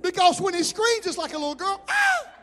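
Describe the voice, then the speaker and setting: A man preaching a sermon as pastor, telling animated stories. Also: very high-pitched, quick pace. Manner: animated storytelling with shouted impressions. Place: church hall. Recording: hall reverb.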